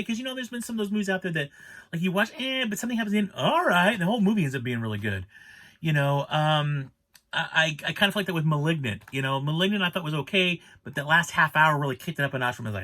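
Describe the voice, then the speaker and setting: A man's voice: a little high, lively intonation, fast talker, pushed and bright. A man giving a casual spoken movie review, rambling and exasperated, restarting his sentences as he rants.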